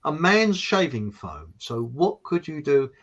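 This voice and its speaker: A chatty man with a Hertfordshire estuary English accent hosts a casual show, rambling and laughing as he goes. His voice sits fairly high, swoops around lively, and has a husky edge. The audio is muffled and lo-fi. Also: measured pace. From Hertfordshire, England. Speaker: host. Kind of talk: casual chat.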